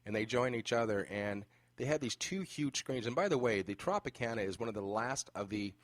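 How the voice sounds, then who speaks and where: A man hosting a podcast interview, telling an animated story with many fillers. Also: medium pitch, a little fast, dry recording. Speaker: podcast host. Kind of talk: casual interview chat.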